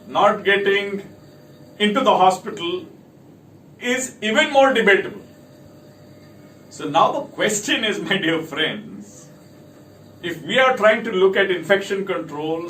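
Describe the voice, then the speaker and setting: A man from India, speaking for a company, gives a talk to camera and works through a list of points emphatically. His voice is high and a bit bright. The mic is distant, picking up an echoey room and faint noise.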